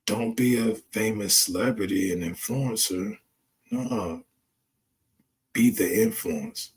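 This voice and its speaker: Man, lowish voice, preaching hard with loud profane outbursts. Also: slow pace. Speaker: channel host. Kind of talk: impassioned spoken monologue.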